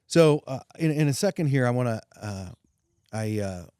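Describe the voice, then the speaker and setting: A man's voice: mid-range voice, lively intonation, moderate pace, warm tone, smooth, no echo, clean studio sound. A man hosting a trades podcast, asking questions in an enthusiastic, encouraging way with many fillers. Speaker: podcast host. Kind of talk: casual interview.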